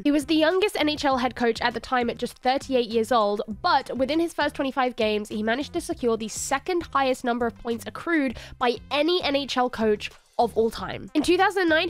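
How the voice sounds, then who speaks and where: Young woman sportscaster doing a hockey news vlog, kinda high voice, stuffy from a cold, upbeat and chatty. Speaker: sportscaster and channel host.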